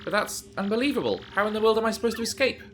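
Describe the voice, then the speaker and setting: A man's voice: sits high, lively intonation, racing, fairly bright tone, slight background noise, pitched above the performer's own voice. A man voicing a young captive princess, anxious and kind, asking pleading questions.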